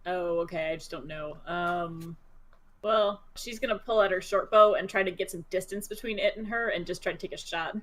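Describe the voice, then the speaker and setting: A woman's voice: fairly low pitch, moderate pace. A woman playing a tabletop game, chatting casually, giggly and self-mocking. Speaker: player. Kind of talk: casual play chat.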